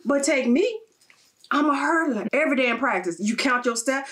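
A woman hosts a faith-centered interview with a lively, emphatic delivery. Her voice sits a little high and she drives her points home like a preacher. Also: normal speed. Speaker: host.

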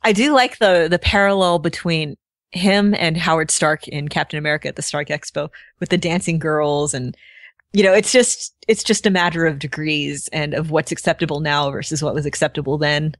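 A woman's voice: deep voice, normal speed, no echo, clean studio sound. A woman co-hosting a podcast, chatting casually about films, joking and laughing a lot. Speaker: podcast co-host.

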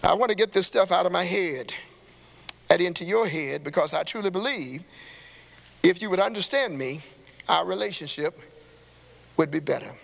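A man preaches a sermon in a church sanctuary. His voice sits very high and sounds bright and forceful. A long hall reverb trails every phrase, and he calls out to the congregation and rises to shouts. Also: lively intonation, moderate pace, gravelly, pauses often. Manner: call-and-response preaching, rising to shouts.

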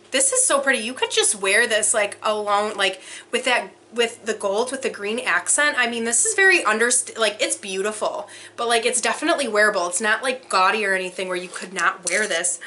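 A woman's voice: fairly high pitch, lively intonation, normal speed, pushed and bright, a little hiss or hum. A woman chatting casually while unboxing, gushing and gasping with whispered awe. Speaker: unboxing vlogger.

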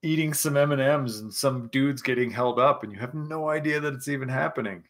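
A man's voice: medium pitch, fairly quick. A young man hosting a casual livestream chat, a bit tipsy from scotch, rambling and swearing as he reads chat and tells stories. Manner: rambling, profane, laughing storyteller. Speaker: livestream host.

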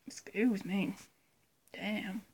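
A woman's voice: mid-range voice, steady tone, drawn-out words, slightly rough. A woman vlogger chatting casually between impressions, giggly, rambling and self-deprecating, close to a phone or webcam mic. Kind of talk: casual chat.

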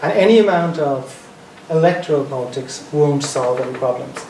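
A man's voice: on the high side, normal speed, warm tone. A man with a South County Dublin accent giving an informal public lecture, talking in a conversational, digressive way and restarting his phrases. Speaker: guest lecturer. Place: lecture room in an archive building. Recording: roomy, distant mic, faint background noise.

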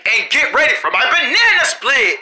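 A performer voicing Momo, an excitable, whiny turtle who wants to be a comedian, in a homemade cartoon. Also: high voice, normal speed, noisy background. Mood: showy. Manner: whiny, excitable, prone to yelling.

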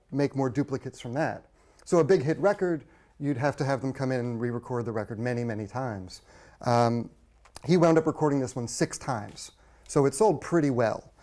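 A man from the United States giving a public lecture on old recordings, talking conversationally with frequent pauses. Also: mid-range voice, mellow.

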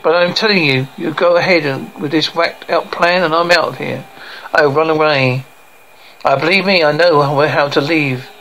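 A man's voice: a little high, steady tone, normal speed, pushed and bright, a little hiss or hum, low-quality recording. A man voicing a sullen teenage girl. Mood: defiant. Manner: scornful, accusing.

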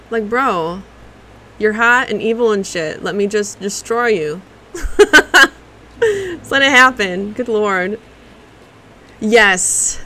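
Slow-talking bright-voiced woman streamer. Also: medium pitch, slight background noise. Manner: profane, exclaiming, talking at the boss. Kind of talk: live gameplay commentary.

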